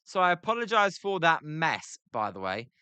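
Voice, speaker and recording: A man's voice: fairly high pitch, sing-song, normal speed, pushed and bright, smooth, no room sound. A British man doing live baseball play-by-play for a stream, chatting with viewers, full of filler ums and self-deprecating asides. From Britain.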